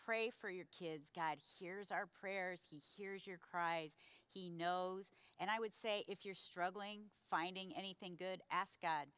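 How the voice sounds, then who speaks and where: A woman in her sixties telling a personal story in a conversational sermon, animated and acting out the voices. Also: on the low side, a little slow, smooth, no room sound. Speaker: pastor's wife, co-speaker.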